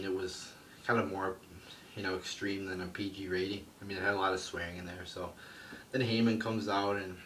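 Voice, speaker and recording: A man's voice: sits low, fairly bright tone. A man reviewing a wrestling show in a crude, swearing, scornful rant. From United States. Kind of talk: profane ranting review. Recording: roomy, distant mic, faint background noise.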